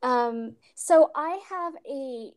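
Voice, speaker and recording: High-voiced and a little mellow, she draws out her words while answering a call interview in a relaxed chat. She's a story narrator from the United States in her thirties, bashful and giggly, with a youthful-sounding voice.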